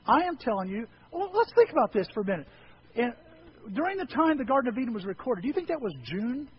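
A man preaching a sermon to his church, swinging between hushed asides and loud, animated outbursts. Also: extremely high pitch, fast, highs cut off, a little hiss or hum. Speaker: pastor.

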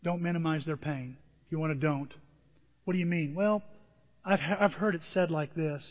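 Older preacher with a high, animated voice. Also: male voice, normal speed. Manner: animated storytelling with acted-out quotes. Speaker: pastor. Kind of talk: sermon. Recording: dull audio in a long-reverb hall.

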